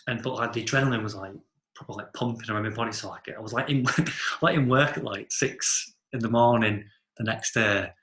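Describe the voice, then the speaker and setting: A man's voice: fairly low pitch, a little fast, a bit bright. A young man telling a rambling story among friends, full of 'like' and casual swearing. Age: young adult. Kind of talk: casual chat. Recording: roomy echo.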